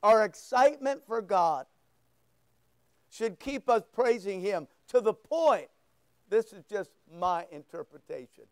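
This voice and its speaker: Male preacher, high smooth voice, emphatic, unhurried sermon. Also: animated, dry recording, studio quality. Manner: fervent, emphatic preaching with rising bursts. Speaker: pastor.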